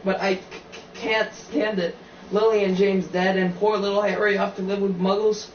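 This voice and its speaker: Guy reading as a big softie giant, humble and stammery, echoey and distant. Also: high voice, flat delivery, fairly quick, dull audio, a little hiss or hum, lightly acted. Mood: tearful. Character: huge, soft-hearted male giant groundskeeper.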